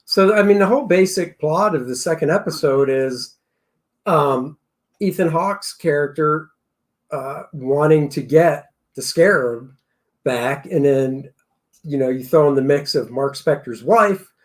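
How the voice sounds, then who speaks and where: A man co-hosting a casual TV episode review, excitable and quick to break into loud exclamations. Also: on the high side. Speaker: show co-host.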